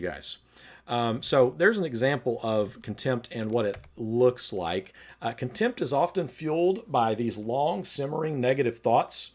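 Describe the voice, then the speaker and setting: A man teaching a relationships class at church in a relaxed, conversational way, reading viewer comments and acting out short argument examples. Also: medium pitch. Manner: conversational, acts out quoted arguments. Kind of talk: livestreamed teaching talk.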